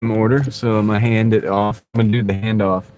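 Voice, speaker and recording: A man's voice: fairly low pitch, flat delivery, quick pace, a little mellow. A man chatting casually and joking as he drives his delivery route, chuckling often. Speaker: delivery driver streaming live. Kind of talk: casual chat while driving. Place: inside a car. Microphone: small wireless clip-on mic. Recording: road and wind noise.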